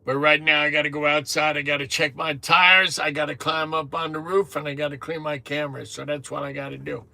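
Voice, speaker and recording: Chatty fifties man with a bright voice. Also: fairly high pitch, little pitch movement, a little fast, vocal fry, no echo. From New Jersey. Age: 50s. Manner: chatty, greets viewers by name, swears casually. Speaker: truck driver livestream host. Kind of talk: casual live chat. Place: truck cab on lunch break.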